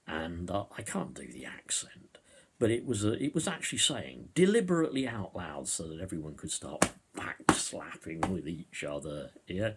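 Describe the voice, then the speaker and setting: A man's voice: very deep voice, creaky, slight background noise. A man vlogging to camera from home, talking in a rambling way with hesitant fillers. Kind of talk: monologue to camera. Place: indoors at home. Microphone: camera in front of him.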